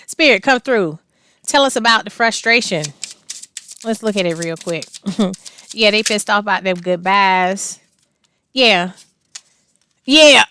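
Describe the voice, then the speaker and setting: A woman's voice: mid-range voice, bright, forceful tone, clear, resonant tone, dry recording, clean studio sound. A woman doing a casual tarot reading, blunt and slangy, laughing often and cursing freely. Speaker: tarot reader.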